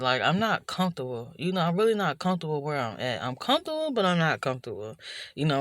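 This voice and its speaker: A woman's voice: low-pitched, fairly bright tone, dry recording. Dry, close-sounding woman vlogger musing. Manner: rambling and introspective, many restarts and "you know". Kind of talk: reflective personal vlog monologue. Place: indoors at night in the dark.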